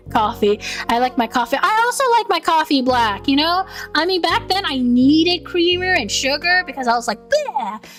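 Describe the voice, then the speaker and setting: High-voiced stammering young woman streamer. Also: lively intonation, normal speed, a bit bright, soft background music. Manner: stammering, repeats words, laughs often. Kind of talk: casual chat, reading out chat messages.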